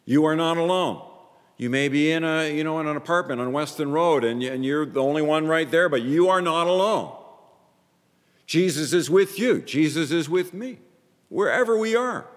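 A man preaching a sermon as a pastor, emphatic, repeating phrases in pairs and swinging between loud and quiet. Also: fairly high pitch, normal speed, big-room sound.

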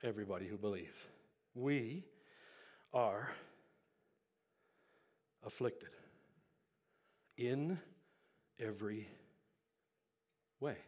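With a lowish voice, a male pastor preaches to his church, alternating soft, slow passages with loud, impassioned bursts. His heavy breathing comes through the microphone.

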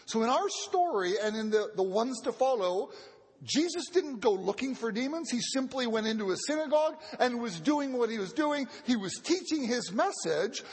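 High, husky-voiced man preaching a sermon. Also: expressive, moderate pace. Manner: earnest teaching, often repeats words as he restarts. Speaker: pastor. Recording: long reverb of a large hall.

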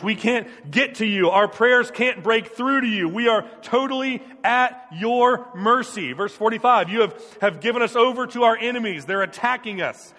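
Guy preaching a sermon, pretty high voice, earnest and emphatic, big echoey hall. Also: a bit bright. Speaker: pastor.

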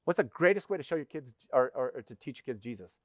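A middle-aged man preaching a sermon in a conversational, animated way, acting out little voices. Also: mid-range voice, fast talker, no room sound, clean studio sound. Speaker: pastor. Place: church.

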